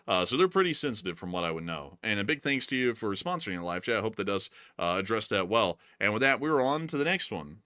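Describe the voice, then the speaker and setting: Male host, bright tense tone, dry close sound, rambling casual commentary. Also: fairly low pitch, very animated, fast, hardly any pauses, smooth, no room sound. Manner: rambling, heavy on fillers and restarts. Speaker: news show host.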